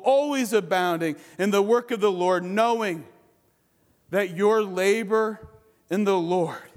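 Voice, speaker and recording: A man preaching from the pulpit, his voice sitting high and unhurried. His lines build to emphatic peaks, then sink to soft, hushed endings. The sound rings with the long echo of a church sanctuary. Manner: closing in slow, quiet prayer. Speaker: pastor. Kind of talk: sermon.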